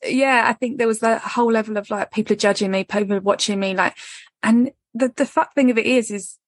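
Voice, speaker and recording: A woman's voice: fairly high pitch, steady tone, a little fast, dry recording. A woman, hosting a casual podcast chat, candid and swearing freely as she acts out what others say. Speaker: podcast host.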